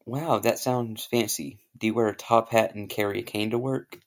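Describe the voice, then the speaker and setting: A man voicing a laid-back American software engineer who talks in relaxed, slangy phrases. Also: on the low side, moderate pace, natural voice. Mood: easygoing.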